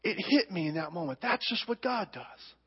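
A male pastor preaching a sermon in a church, telling stories with emphatic, animated delivery. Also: high voice, moderate pace, breathy edge. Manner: animated, emphatic storytelling with acted quotes. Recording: dull recording with long hall reverb.

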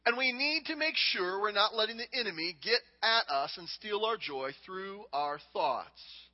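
A pastor in his thirties preaches earnestly in a church sanctuary, repeating phrases to drive points home. His high-pitched voice has lively intonation and a measured pace, captured in a dull, reverberant hall recording.

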